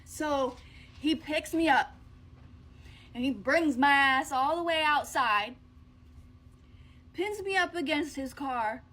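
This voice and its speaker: Woman vlogger with a high voice, blunt and profane casual storytelling. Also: takes it slowly, long pauses, a bit bright.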